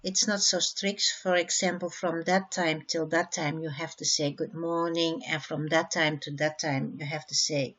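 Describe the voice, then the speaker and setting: A woman from Belgium with a Flemish accent, teaching a beginner language lesson and repeating each phrase slowly for learners. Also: deep voice, flat delivery, a bit bright, lo-fi sound.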